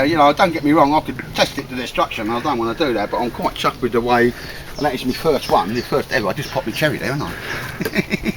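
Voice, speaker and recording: A chatty man talks in a lively, up-and-down way, calling everyone mate and laughing often. He is recorded outdoors in the woods, with clear background noise on the camera audio. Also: mid-range voice. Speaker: bushcraft vlogger. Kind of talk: casual outdoor chat.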